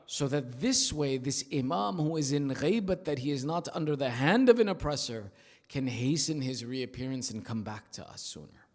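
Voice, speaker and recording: A male preacher giving an emphatic, rhythmic sermon at an Islamic center, telling stories and dropping into hushed asides. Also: medium pitch, animated, normal speed. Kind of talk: sermon with storytelling. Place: large prayer hall of an Islamic center. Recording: long hall reverb.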